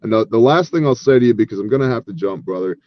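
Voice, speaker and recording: A man's voice: lowish voice, racing, lo-fi sound. Earnest man telling a faith story. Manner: earnest, animated storytelling with quoted dialogue. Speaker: relief ministry leader. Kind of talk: storytelling interview guest.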